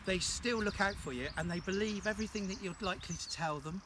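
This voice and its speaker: A man in his thirties talks casually and teasingly as he walks visitors around farm fields. His voice sits slightly high and sounds some distance from the camera. Outdoor field noise is clearly present behind him. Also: fast talker. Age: 30s. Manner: jokey and chatty, teasing asides. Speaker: farmer giving a tour. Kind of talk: casual guided tour.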